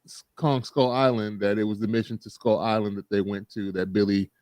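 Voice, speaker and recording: A man hosting a casual chat podcast, recapping an episode in an animated storytelling way and laughing often. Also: fairly low pitch, a little fast, no echo.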